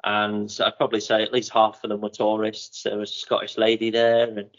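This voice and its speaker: A man's voice: fairly low pitch, monotone, a little fast, highs cut off. A man co-hosting a running podcast, telling a rambling, playful anecdote. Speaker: podcast co-host. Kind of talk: casual chat.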